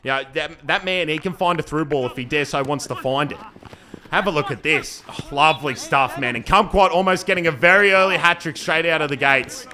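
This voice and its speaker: A young man giving playful, joking commentary over his own amateur football match, breaking into excited shouts. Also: on the high side, brisk. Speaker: football commentator and team player.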